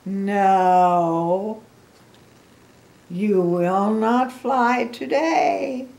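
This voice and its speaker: An older woman voicing a careful, worried elephant boy in a storybook, slow and loud as he insists. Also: mid-range voice, steady tone, creaky. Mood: stern.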